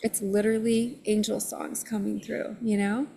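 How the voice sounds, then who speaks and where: A middle-aged woman, an energy healer, telling her story as a guest with an expressive, loud, laughing manner. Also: medium pitch, moderate pace, gravelly, a little hiss or hum. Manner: expressive, laughs often, self-described loud. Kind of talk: animated storytelling in conversation.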